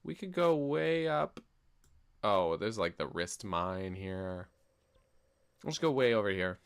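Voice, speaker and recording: A man with a lowish, clear, resonant voice chats slowly and expressively while playing a video game on stream. Playful and self-mocking, he jokes about how words are pronounced and laughs at himself often.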